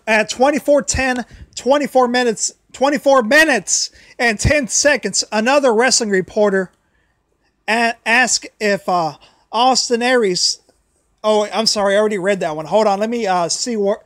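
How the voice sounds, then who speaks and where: A man hosting a casual solo wrestling livestream, his voice tired from a sore throat, talking haltingly with many restarts and repeated phrases. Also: high voice, fairly bright tone, no room sound.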